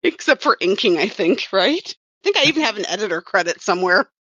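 A woman's voice: medium pitch, sing-song, a little fast, bright, forceful tone, no echo, dull audio. A woman who worked as a comics writer and colorist, chatting casually on a podcast and rambling with wry self-corrections.

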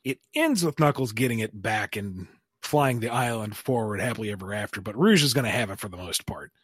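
A man's voice: fairly low pitch, expressive, a little fast, fairly bright tone, husky, no echo, studio quality. A man co-hosting a casual podcast, answering listener questions by playfully riffing out silly scenarios.

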